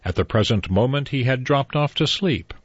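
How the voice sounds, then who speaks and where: A man reading a novel aloud as narrator, measured and even, in a dull, dry recording. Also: medium pitch, slightly rough, no echo. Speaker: audiobook narrator. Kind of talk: scripted narration.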